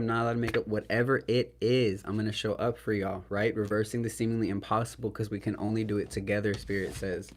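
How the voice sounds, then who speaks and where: Emotional tarot reader guy, lowish voice, talks to y'all and keeps asking right?. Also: slight background noise. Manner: earnest and emotional, speaks to viewers as "y'all", tags lines with "right?"; spiritual, invokes Spirit and archangels. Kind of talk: solo tarot reading to camera.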